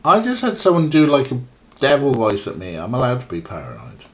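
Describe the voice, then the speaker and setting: A man's voice: mid-range voice, huge pitch swings, fairly quick, a bit bright. A young man streaming an old adventure game, giving sarcastic, swearing commentary. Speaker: let's play streamer. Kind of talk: casual gameplay commentary.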